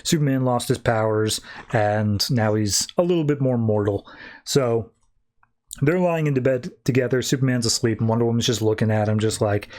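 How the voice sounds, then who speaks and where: A man's voice: medium pitch, moderate pace, a little mellow. Chatty man recapping a comic. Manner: chatty, lots of fillers and restarts. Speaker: podcast host. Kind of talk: casual comic book recap.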